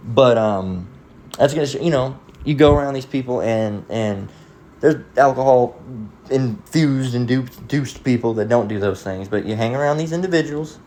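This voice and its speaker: A man's voice: mid-range voice, a little mellow, a little hiss or hum. A man giving a casual, profane sermon-style monologue, rambling through stories and acting out the voices of people in them. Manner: acts out voices in quoted dialogue. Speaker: preacher.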